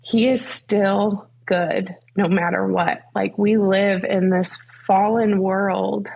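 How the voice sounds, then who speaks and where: A woman's voice: mid-range voice, steady tone, slow, vocal fry, a little mellow, breathy edge, highs cut off. A young woman guest in a faith interview, telling her story earnestly with many fillers.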